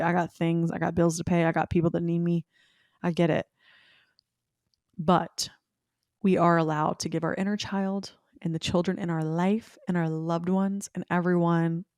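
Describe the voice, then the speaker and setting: A young woman hosting a casual spiritual podcast, chatty and rambling, talking fast with an upbeat, affectionate tone toward her listeners. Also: on the low side, creaky, a little mellow, no room sound, clean studio sound. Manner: fast-talking, slowing down at times. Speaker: podcast host.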